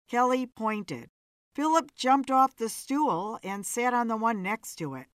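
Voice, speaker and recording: Woman reading a noir story, slow and expressive, fairly high voice, dry sound. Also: no echo. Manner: expressive, measured narration.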